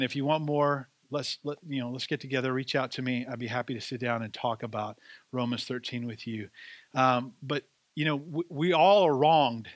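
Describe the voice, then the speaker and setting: A man's voice: on the high side, fairly bright tone, no room sound. A man preaching a sermon as pastor, with a conversational, self-deprecating way of telling stories.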